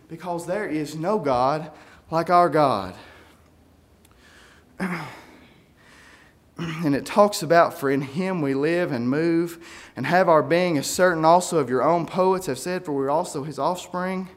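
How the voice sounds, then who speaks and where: A man preaching a sermon, reading scripture aloud and swinging from quiet musing to shouted peaks. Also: fairly high pitch, unhurried, long pauses. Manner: reads scripture aloud in King James wording.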